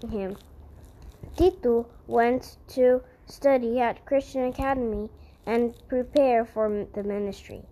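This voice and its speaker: A woman's voice: high-pitched, mellow, lo-fi sound. A woman reading a historical Christian story aloud in an earnest way, often stumbling over words and correcting herself.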